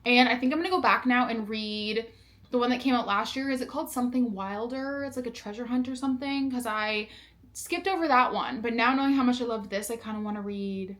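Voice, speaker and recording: A woman's voice: on the high side, fairly quick, a bit bright. A young woman chatting casually to camera at home in a vlog, bubbly and chatty. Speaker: vlogger.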